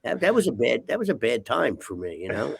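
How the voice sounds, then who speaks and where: A man's voice: mid-range voice, big pitch swings, fairly quick, gravelly, husky. An older man, a guest, telling rambling, profane stories in casual talk and punctuating them with "okay?". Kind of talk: casual storytelling.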